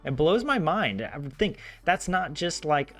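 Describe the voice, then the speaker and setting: In an unhurried, fairly high voice, a language-learner host with a Southern American accent rambles through his vlog. The southern U.S. native fills his chat with "like" and lively asides, while gentle game music plays.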